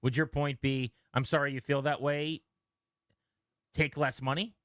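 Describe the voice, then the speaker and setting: A man's voice: medium pitch, little pitch movement, unhurried, a bit bright, no echo, studio quality. A man co-hosting a sports talk radio show, pressing his partner with rhetorical questions and pushing back.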